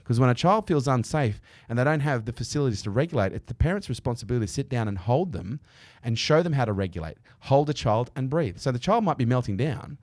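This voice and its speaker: Brief: male podcast guest, rapid and earnest, swears casually, dry close sound. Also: mid-range voice, animated, a little mellow, no room sound. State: he is a parent. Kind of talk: candid conversational interview.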